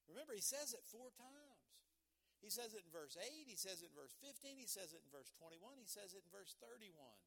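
Male pastor, bright and high, emphatic sermon delivery. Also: very animated, brisk, gravelly. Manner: emphatic preaching, swings from shouts to hushed tones.

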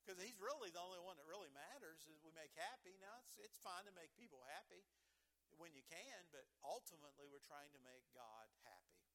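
A man's voice: a little high, lively intonation, brisk, bright, forceful tone. A man preaching a folksy sermon in church, asking the congregation questions and chuckling as he goes.

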